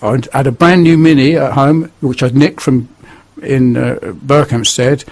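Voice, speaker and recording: A man's voice: medium pitch, fairly even intonation, unhurried. An older man with a northern English accent, telling his life story bluntly and earnestly as a radio guest. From northern England. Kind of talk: testimony on radio.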